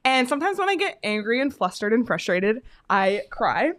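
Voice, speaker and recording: High-voiced woman telling an animated story. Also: normal speed. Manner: animated, laughs often, frequent fillers. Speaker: podcast co-host. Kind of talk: casual chat, storytelling.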